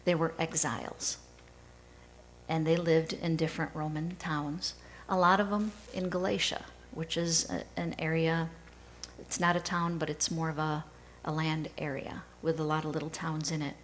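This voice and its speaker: A woman pastor preaching a sermon in a measured storytelling way. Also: low voice, flat delivery, a little hiss or hum, rough recording.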